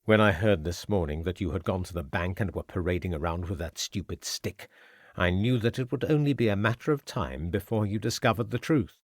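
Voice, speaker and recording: A man voicing a scheming, murderous gentleman villain in an audiobook, speaking in a low, sneering, menacing way. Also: lively intonation, fairly quick, no echo, clean studio sound. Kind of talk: audiobook character voice.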